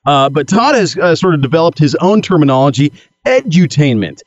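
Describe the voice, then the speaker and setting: A man's voice: a little high, very animated, a little fast, no echo, highs cut off. A man co-hosting a podcast in casual chat, upbeat and promotional. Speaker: podcast co-host.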